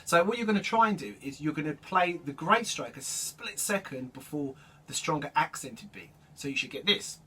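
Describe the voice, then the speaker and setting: A man's voice: fairly high pitch, moderate pace. Man teaching drum rudiments. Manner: relaxed, explanatory, counts sticking aloud. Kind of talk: instructional demonstration. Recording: distant mic with loud drum noise.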